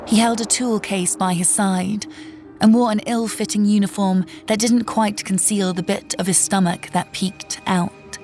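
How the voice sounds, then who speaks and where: A woman's voice: medium pitch, a little mellow. Woman narrating horror, faint music. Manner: tense, measured storytelling.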